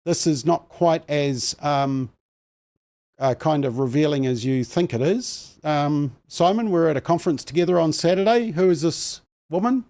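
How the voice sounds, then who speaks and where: Chatty New man hosting, fairly high. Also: animated, moderate pace, a little mellow. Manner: chatty, self-mocking, rambling with fillers. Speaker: host. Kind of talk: panel show chat.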